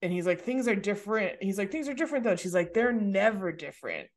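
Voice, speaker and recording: Podcast co-host, middle pitch, relaxed recap delivery that slips into quoted lines. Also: fairly quick. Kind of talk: casual chat, recapping a TV episode.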